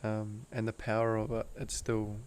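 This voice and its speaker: A man's voice: on the low side, monotone, normal speed, clear, resonant tone. A man telling a personal story in a casual, earnest way, full of laid-back slang. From Australia. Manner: laid-back slang, calls the host bro; earnest and emotional, drifts into soft hushed tones. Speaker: guest, breathwork teacher.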